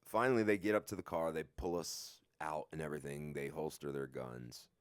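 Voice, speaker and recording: A man's voice: extremely low pitch, steady tone, fairly quick, clear, resonant tone, dry recording, clean studio sound. A young man casually telling a story about himself, swearing often and laughing at himself. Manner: profane, rambling, laughs at himself. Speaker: vlogger.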